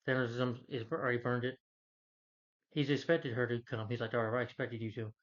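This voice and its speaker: A man's voice: mid-range voice, flat delivery, a little fast, highs cut off. A man recapping a superhero film's plot in a casual, rambling way, often restarting sentences and quoting characters in his ordinary voice. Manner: rambling, with many restarts and fillers; quotes characters in his own voice. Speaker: film reviewer.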